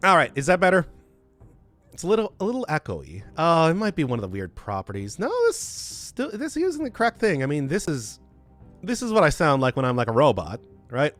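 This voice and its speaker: A man with a Midwestern accent talks through a game stream in a higher voice that leaps around animatedly. He rambles, trips over his own sentences and laughs easily, speaking into a desk mic with faint game music underneath. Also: huge pitch swings, a bit bright. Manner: rambling, self-interrupting, quick to laugh. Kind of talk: live gameplay commentary, chatting with viewers. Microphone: desk mic through a mixer.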